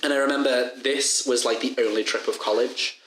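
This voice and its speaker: A young man in his twenties with a Liverpool accent, co-hosting a podcast and telling a story in an animated, laughing, swearing way. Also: mid-range voice, fairly quick, roomy sound, slight background noise, rough recording. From Liverpool, England. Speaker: podcast co-host. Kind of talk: casual storytelling chat.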